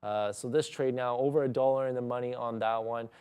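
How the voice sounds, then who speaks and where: A man's voice: medium pitch, steady tone, brisk, darkish tone, smooth. A young man trading live and talking through his moves in a casual, rambling way, full of fillers. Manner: rambling, many fillers, thinks aloud while trading. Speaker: day trader streaming live.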